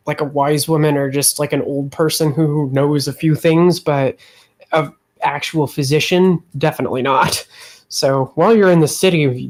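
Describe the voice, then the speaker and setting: Hesitant male game master. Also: on the high side. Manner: hesitant, many fillers, laughs easily. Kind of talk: narrating a tabletop game.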